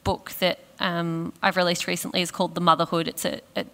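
A woman's voice: lowish voice, level tone, brisk, creaky, fairly bright tone, long reverb tail. An Australian woman speaking as a guest author in an interview, thoughtful and self-deprecating. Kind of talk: reflective conversational interview.

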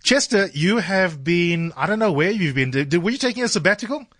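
Radio host, teasing, fairly high, dry studio sound. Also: male voice, lively intonation, fairly quick, fairly bright tone, no room sound. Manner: playful, teasing banter.

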